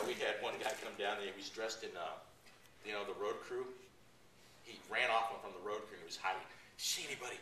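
A middle-aged man, a fishing guide, giving a lively and jokey casual talk to a club audience. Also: fairly low pitch, slight background noise. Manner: animated, jokey, laughs at his own stories. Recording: echoey room, mic at a distance, faint ambience.

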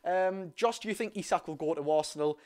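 A young man with a strong Geordie accent talks straight to his viewers during a live football stream. He is animated and chatty, and he curses now and then in an offhand way. His voice sits a little high for a man. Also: brisk. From North East England. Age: young adult. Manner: animated, chatty, swears casually, addresses viewers directly. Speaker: football fan YouTuber hosting a live watchalong. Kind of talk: casual live-stream chat.

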